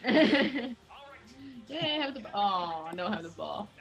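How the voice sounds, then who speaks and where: A woman talking casually on a commentary track, pitched at an ordinary middle height. She chats easily and laughs often between remarks. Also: expressive, unhurried, a crowd in the background. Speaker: cast member.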